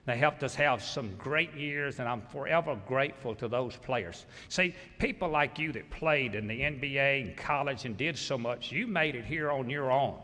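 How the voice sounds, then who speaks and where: A man's voice: medium pitch, moderate pace, few pauses, pushed and bright. A man in his sixties from Mississippi with a Southern accent, giving a folksy, grateful and humorous acceptance speech as a basketball coach. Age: 60s. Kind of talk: hall of fame acceptance speech. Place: large hall. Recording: echoey hall reverb.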